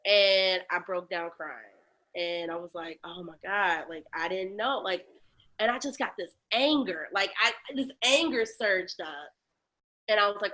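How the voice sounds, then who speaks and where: A woman, telling a personal story candidly in an interview, animated and acting out other people's voices, dropping low and quiet on painful memories. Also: moderate pace. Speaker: guest, lactation educator.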